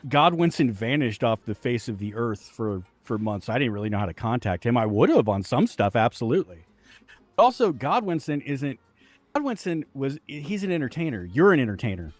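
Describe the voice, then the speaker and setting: A man's voice: medium pitch, big pitch swings, a little fast, no echo. A middle-aged man talking casually as an interview guest, blunt and profane, laughing easily.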